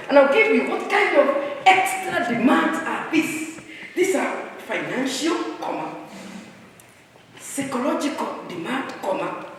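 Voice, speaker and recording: A woman giving a lively workshop talk to staff at a retreat, teasing and quizzing her audience. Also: sits high, a little hiss or hum. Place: large hall with an audience. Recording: echoey hall, distant mic.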